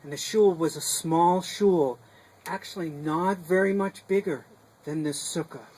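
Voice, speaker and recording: A man telling a folk tale to a small group in a sukkah, dramatic and animated, with sudden swings between loud and hushed. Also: fairly high pitch, a little slow, low-quality recording. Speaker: storyteller. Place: sukkah, a small outdoor booth.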